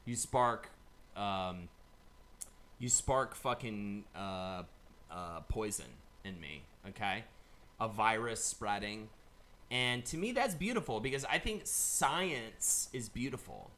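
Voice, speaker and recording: A man's voice: fairly low pitch, animated, takes it slowly, a little hiss or hum. A man hosting a casual live-streamed chat, rambling and swearing freely. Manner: profane, rambling, shifts into loud bits. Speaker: host.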